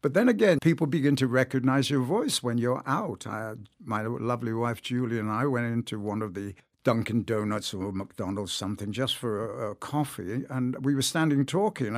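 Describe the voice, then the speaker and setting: A man speaks in an interview with eager enthusiasm and tells his stories in an animated way. His voice has a gravelly edge, and the sound is dry and close. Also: medium pitch, no echo. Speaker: audiobook narrator, guest. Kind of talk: interview conversation.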